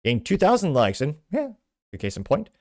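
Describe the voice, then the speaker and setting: A man's voice: fairly high pitch, wildly swooping pitch, a little mellow, dry recording, studio quality. A man hosting a commentary show, reading out social media posts and adding scornful remarks between them. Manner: brisk, scornful commentary between read-out quotes. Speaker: podcast host.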